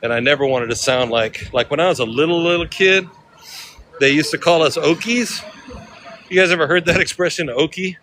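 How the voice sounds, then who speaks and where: A man's voice: fairly high pitch, brisk, fairly bright tone, slight background noise. Laid-back Californian man livestreaming. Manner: chatty, laid-back, slangy. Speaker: livestreaming vlogger. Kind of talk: casual livestream chat. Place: outdoors in a city at night, on the street and a ferry.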